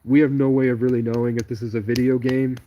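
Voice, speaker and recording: A man's voice: medium pitch, level tone, fast, mellow, a little hiss or hum. A man talking alone on a livestream, telling digressive stories in a stream-of-consciousness ramble. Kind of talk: rambling solo livestream monologue.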